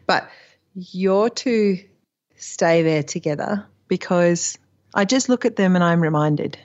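A woman's voice: on the low side, slow, darkish tone. A woman, an author guest in a casual conversation, telling stories candidly and swearing freely. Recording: slightly dull lo-fi line.

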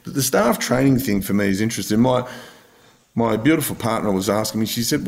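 A man's voice: mid-range voice, expressive, a little fast, vocal fry. An Australian man, a podcast guest, telling blunt stories, swearing freely and laughing along. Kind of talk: casual storytelling interview.

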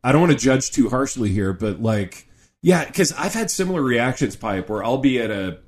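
A middle-aged man co-hosting a podcast in casual chat, animated and joking, often saying "dude". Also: mid-range voice, normal speed. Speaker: podcast co-host.

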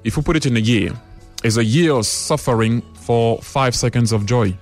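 A man's voice: medium pitch, normal speed, faint music behind. A man with a French accent, a guest on a radio show, talking in a reflective, hesitant way with many fillers. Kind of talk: casual radio interview.

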